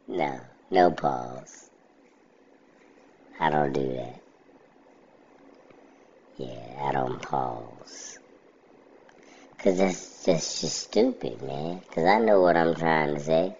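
A man's voice: extremely low pitch, lively intonation, drawn-out words, creaky, long pauses, husky, dull audio. A man in casual chat, ranting bluntly about things that annoy him.

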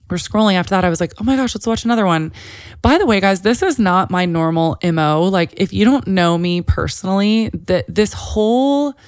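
A podcast host in her thirties shares a personal story, chatty and emotionally open, peppering it with "like." Her voice is lowish, and the studio-quality recording has no echo.

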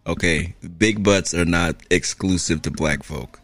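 A man's voice: low-pitched, a little slow, fairly bright tone, no room sound. A man from Southern California talking in casual, laid-back podcast chat, full of fillers and swearing. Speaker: podcast co-host.

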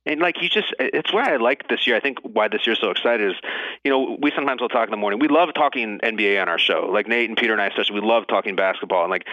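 A man who is a guest on a podcast, talking football in an excitable, emphatic way and repeating his points. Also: mid-range voice, no room sound. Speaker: podcast guest, TV show cohost. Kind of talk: casual sports chat. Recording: dull lo-fi sound.

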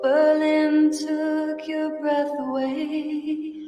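An actress playing a brash, showy female singer, slowly singing a comic piano-bar number in a film. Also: high voice, monotone, muffled recording. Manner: slow, drawn-out comic singing. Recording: film audio with music and long roomy reverb. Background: piano music.

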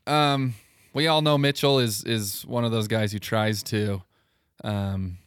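A man's voice: lowish voice, steady tone, a bit bright, smooth, no room sound, studio quality. A man co-hosting a casual sports podcast, running through game recaps and awards with frequent ums. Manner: recaps games in quick bursts with ums. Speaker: podcast co-host.

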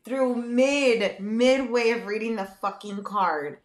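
A woman's voice: a little high, slow, echoey room. A woman co-hosting a casual chat, telling stories candidly and swearing freely. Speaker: podcast co-host, biological mom.

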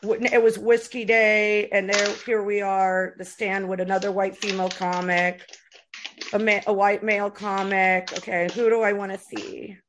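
Over a noisy background, a middle-aged woman from the United States chats on a podcast in a mid-range voice at a moderate pace. Her stories are animated, crude, and loaded with fillers.

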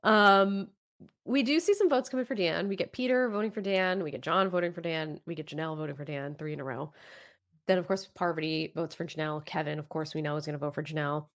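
A woman's voice: sits low, quick pace. Chatty woman co-hosting a recap podcast. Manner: chatty, quotes people in playful voices. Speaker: podcast co-host. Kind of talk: casual recap chat.

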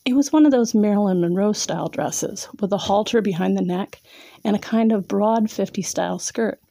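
Woman reading sexy second-person story, bossy and teasing, dark gravelly voice, dry close mic. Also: medium pitch, moderate pace, no echo. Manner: teasing, domineering, sometimes whispered. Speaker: erotic audio narrator.

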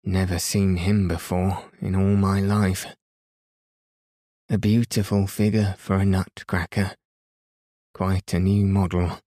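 A man reading the lines of a meek old toymaker in a hushed, dreamy way. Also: low voice, little pitch movement, slow pace, no echo, studio quality. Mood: musing.

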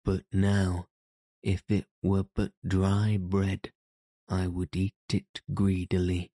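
A tired, timid youth begging for rest and food in archaic words, as a male reader puts the part on. The voice stays low and mellow, slow and level. The sound is dry and close. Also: completely flat delivery, no echo. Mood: pleading. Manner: pleading, archaic speech. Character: weary timid young companion, hungry and sore. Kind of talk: audiobook character reading.

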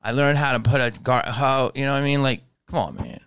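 A middle-aged man doing a casual comedic monologue, profane and animated, slipping into put-on voices. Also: medium pitch, fairly quick, smooth, no echo, studio quality.

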